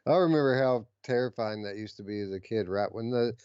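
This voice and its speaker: A man co-hosts a gaming podcast, reading news with eager enthusiasm and frequent filler words. His voice is smooth and resonant, recorded dry and close with a slightly dull, lo-fi tone. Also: lowish voice, fairly quick, darkish tone, dry recording. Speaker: podcast co-host. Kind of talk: casual chat about gaming news.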